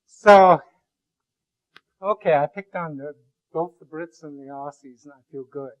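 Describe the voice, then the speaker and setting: Male lecturer, slightly raised pitch, digressive and jokey, stumbles and restarts often in front of a class. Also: dull audio. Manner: rambling and joking, with many halting restarts. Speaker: university lecturer.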